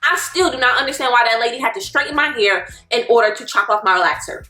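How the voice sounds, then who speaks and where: A woman, telling a personal story as a vlogger in an animated, exasperated way. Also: on the high side, quick pace, few pauses, roomy sound. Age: 20s. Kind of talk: storytelling vlog.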